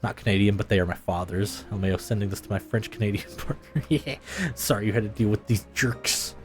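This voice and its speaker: A man's voice: lowish voice, fast talker, faint music behind. A man streaming a game live, chatting casually with viewers in a laid-back way and laughing often.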